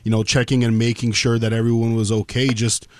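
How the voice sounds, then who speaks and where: A man co-hosting, asking a guest a question in a halting way with many fillers. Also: mid-range voice, flat delivery, a little mellow, no room sound. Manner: halting, filler-heavy phrasing. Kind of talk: interview question.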